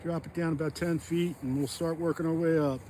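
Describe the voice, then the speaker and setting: A man's voice: a little high, steady tone, a little fast, a little hiss or hum. Rambling man vlogging while ice fishing. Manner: rambling, thinking out loud. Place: outdoors on a frozen pond. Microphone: phone camera.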